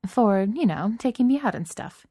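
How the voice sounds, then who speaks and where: Woman voicing bubbly chatty young heroine, cheerful, higher and louder, dry close sound. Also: animated, normal speed, slightly rough, no room sound. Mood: chipper. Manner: bright, cheerful, giggly.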